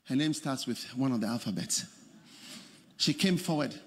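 Animated man preaching. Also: mid-range voice, moderate pace, slightly rough, big-room sound. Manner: animated preaching, shouting and laughing. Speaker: pastor. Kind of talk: sermon.

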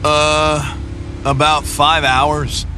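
Textbook audio: a relaxed young man, bright tone, unhurried. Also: fairly high pitch, a little hiss or hum, heavily acted. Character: friendly young man, driver with hiccups. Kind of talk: textbook listening dialogue.

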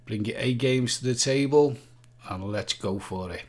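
A man's voice: mid-range voice, moderate pace. Jokey man hosting a live quiz. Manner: jokey, sings jingles, reads out viewer names. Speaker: livestream quiz host.

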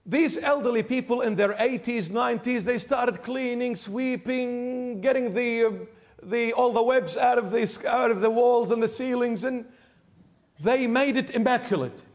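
A male bishop telling a story in a sermon, in an animated, conversational way and acting out the quotes. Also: very high-pitched, normal speed. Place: church.

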